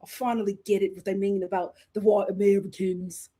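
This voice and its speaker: A woman putting on a British accent to mock an earnest young man online, dropping her voice lower and drawling the words. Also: flat delivery, brisk, warm tone, husky, close to an everyday voice. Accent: British (put on). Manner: mocking imitation, lowered and drawled.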